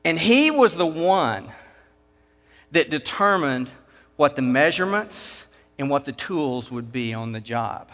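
A man's voice: a little high, big pitch swings, measured pace, a bit bright. A man preaching a sermon, telling a folksy work story with casual, down-to-earth phrasing. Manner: folksy storytelling with acted quotes. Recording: long hall reverb.

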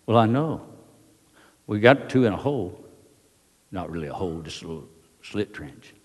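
Old guy, real deep voice, folksy rambling war story, big echoey hall. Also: lively intonation, husky. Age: older. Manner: folksy, halting, with many fillers. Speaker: veteran speaker. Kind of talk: storytelling speech to an audience. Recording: long reverb of a large hall.

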